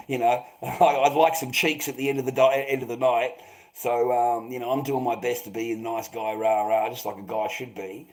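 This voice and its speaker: A man's voice: mid-range voice, steady tone, normal speed, darkish tone, low-quality recording. A middle-aged Australian man telling a rambling anecdote, swearing often and filling gaps with "rah, rah".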